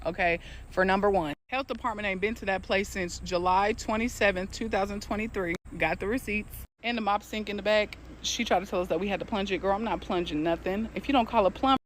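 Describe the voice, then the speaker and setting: A man's voice: sits high, fairly bright tone, a little hiss or hum. A man in a casual complaint video, blunt and indignant, stressing his points.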